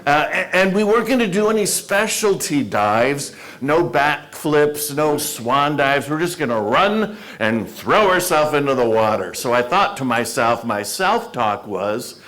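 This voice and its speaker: A man's voice: on the high side, lively intonation, unhurried, few pauses, a bit bright. A man giving a humorous, self-deprecating storytelling talk to a club audience in a meeting room. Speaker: motivational speaker.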